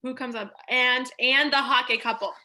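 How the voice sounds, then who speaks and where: Bright-voiced woman hosting a live chat. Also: sits high, fairly even intonation. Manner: teasing, quick reactions. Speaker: host. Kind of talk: casual live-stream chat.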